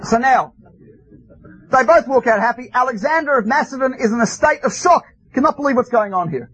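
A man teaching a class, telling stories with lively, wry asides. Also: very high-pitched, brisk, breathy edge, no echo, poor audio. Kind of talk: storytelling lecture.

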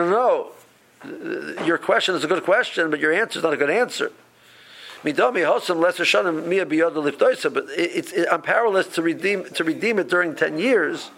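A man teaching a Talmud study session, explaining the text with animated quoting and frequent restarts. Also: sits high, vocal fry. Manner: animated, acts out the rabbis' voices, many restarts.

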